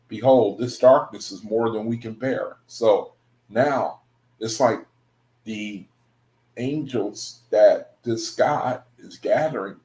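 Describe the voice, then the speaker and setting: A man reads scripture aloud and talks it over in a loose, conversational way, often chuckling and tossing in "man" and "you know." His voice sits at an ordinary middle pitch. The recording has a noticeably echoey room sound. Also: darkish tone. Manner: laid-back, laughs often, says "man" and "you know". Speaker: religious study group reader. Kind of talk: casual scripture reading with commentary.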